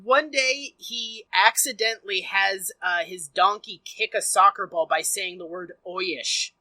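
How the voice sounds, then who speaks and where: A woman's voice: mid-range voice, unhurried, sharp tone, no room sound, poor audio. A woman co-hosting a podcast, recapping a film in casual chat, profane and sardonic, laughing as she tells it. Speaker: podcast co-host.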